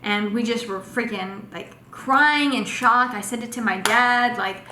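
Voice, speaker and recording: A young woman casually telling a personal story in a vlog, animated and full of fillers. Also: on the high side, a little slow. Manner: animated, acts out quotes with lots of fillers. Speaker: vlogger. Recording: echoey room with faint noise.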